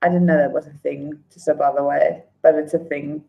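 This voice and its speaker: A woman hosting a casual trivia night, reading each question slowly and twice, with laughing apologies and humming between questions. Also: low voice, flat delivery, creaky, phone-quality sound. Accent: non-local accent. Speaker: trivia quiz host.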